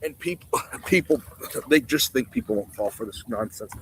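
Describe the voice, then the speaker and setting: A man's voice: medium pitch, animated, moderate pace, a bit bright, husky, poor audio. A man streaming live, reacting to a TV clip with sarcastic, mocking rants.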